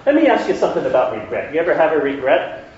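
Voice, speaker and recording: A man leads a conversational Bible study and keeps checking in with his listeners. His pitch is lively and animated. He is recorded from a distance in a very echoey room, and the sound is dull. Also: very fast, slight background noise. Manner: checks in with listeners, asks questions. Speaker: Bible teacher.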